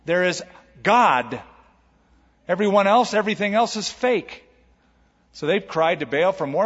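A male pastor delivers a sermon with emphatic, humorous energy in a fairly high voice. The recording is dull and lo-fi, with the long reverb of a large church hall. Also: animated, measured pace, long pauses, breathy edge.

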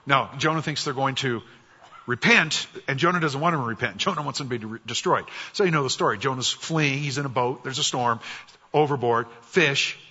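A guest preacher with a forceful, slightly husky voice, telling scripture stories in a casual, wry way. The recording is dull and lo-fi, and a long reverb trails through a large hall. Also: male voice, medium pitch. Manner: conversational and wry, drops soft for quoted prayers. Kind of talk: sermon. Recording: dull, echoey church hall.

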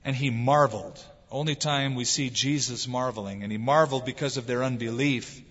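A man's voice: medium pitch, brisk, a bit bright. A man preaching a sermon as a pastor, stretching out the words he stresses. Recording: dull lo-fi with long hall reverb.

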